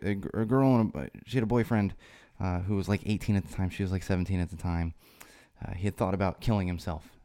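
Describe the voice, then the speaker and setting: A man's voice: low voice, mellow, dry recording. A man hosting a solo podcast, talking in a rambling way with restarts and fillers, and getting more emphatic when he stresses a point. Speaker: podcast host.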